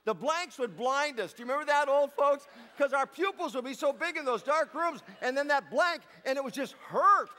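High-voiced comedian man telling stories. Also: normal speed, hardly any pauses. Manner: playful, chatty, deadpan asides. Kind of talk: stand-up comedy storytelling. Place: stage before a live audience.

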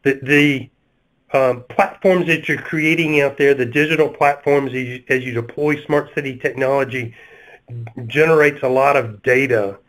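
A man with a Southern US accent, speaking as a panelist in a webinar discussion, halting and full of fillers and restarts. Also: mid-range voice, fairly bright tone, rough recording.

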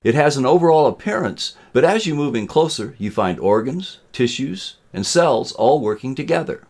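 A man's voice: medium pitch, very animated, darkish tone, voice pushed up. A man voicing an opinionated young female student who states her views firmly. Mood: assertive. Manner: firm, quick to object.

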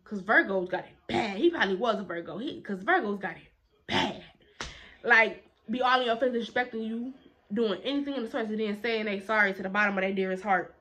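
A young woman telling a story in a casual vlog, animated and emphatic, with quick indignant retorts. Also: medium pitch.

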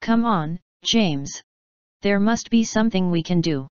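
A woman's voice: mid-range voice, expressive, measured pace, clean tone, no echo, lo-fi sound, natural voice. A woman voicing a brash male centipede in a storybook reading. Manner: brash, urgent. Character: boastful male centipede, shaken.

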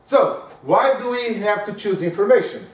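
A man gives a chatty lecture and keeps checking in with the room. His voice sits fairly high. He is picked up from across an echoey lecture room. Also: normal speed, far from the mic. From Portugal. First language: Portuguese. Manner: lively, conversational, often asks the room "right?". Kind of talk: lecture on giving presentations.

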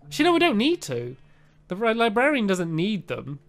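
A man chatting excitably while playing a game with a friend, laughing often. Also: sits high, a little fast. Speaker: gamer. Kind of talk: casual gameplay chat.

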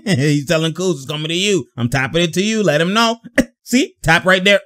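A young man giving casual, slangy reaction commentary over a basketball game, laughing often and getting excited. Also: fairly high pitch, normal speed.

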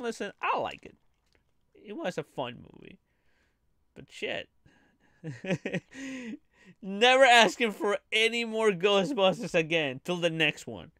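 A man live-streaming his reaction to a trailer, animated and profane, laughing often. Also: high voice, moderate pace, no room sound, studio quality.

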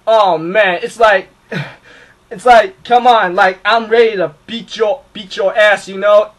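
An excitable man rushes through an anime recap, piling on fillers and yelling sound effects. His voice sits high and bright, with a sharp, forceful edge. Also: low-quality recording. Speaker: anime reviewer.

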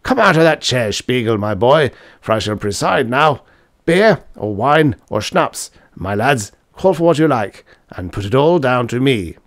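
A man voicing a hearty, testy elderly male professor who blusters and shouts in high spirits. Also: very animated, a little slow, dry recording, clean studio sound. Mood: boisterous.

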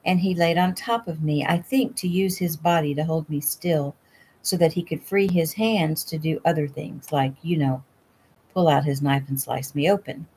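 Feisty stubborn young woman in a storybook, read by a woman, low voice, wry. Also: moderate pace, dark tone, slight background noise, natural voice. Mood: steady, wry.

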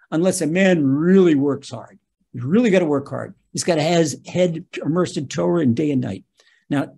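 A man's voice: sits high, vocal fry, a little mellow, husky. A man, a rabbi, giving a spoken Torah lesson, emphatic and talking straight to his listeners, often repeating his key phrases.

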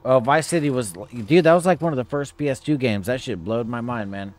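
A man's voice: medium pitch, a little fast. A young man from California chatting casually and profanely with his viewers while he plays a game live. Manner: laid-back, profane slang, chatting with viewers. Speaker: streamer playing a horror game. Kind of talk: casual live-stream chat.

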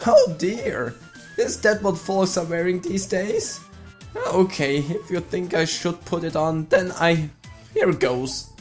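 A man's voice: high voice, sing-song, slow, faint music behind, pitched above the performer's own voice, exaggerated voice. A man voicing a folksy, doddering elderly blobfish in a game playthrough. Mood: flirty.

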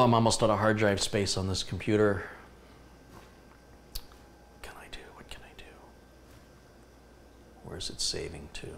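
A man's voice: sits low, slight background noise. A man hosting a live tech stream, chatting casually and thinking aloud about his computer as he works. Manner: thinks aloud, muttering to himself while working at a computer.

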